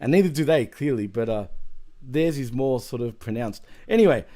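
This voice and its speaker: A man's voice: medium pitch, animated, moderate pace, mellow. A man hosting a casual wrestling podcast, chatty and rambling, with frequent laughs. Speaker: podcast host.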